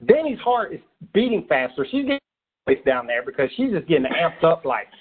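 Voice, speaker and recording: A man's voice: a little high, fairly quick, slightly rough. A man co-hosting a casual show recap, talking animatedly and acting out characters. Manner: animated, acts out character voices. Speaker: podcast co-host. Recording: tinny phone-like sound.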